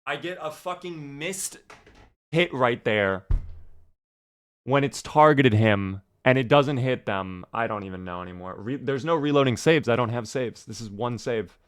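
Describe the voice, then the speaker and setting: A man's voice: mid-range voice, moderate pace, clear, resonant tone. A young man giving casual, swear-heavy commentary while playing a video game. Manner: swears a lot, rants when angry. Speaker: gaming streamer.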